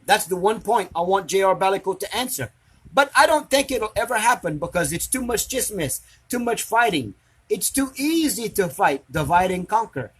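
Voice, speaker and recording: A man with a high, husky voice rants at his online audience. He sounds preachy and confrontational and keeps hammering the same rhetorical questions. His delivery comes across as an angry monologue. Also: expressive, normal speed. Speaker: commentator reacting to social media drama.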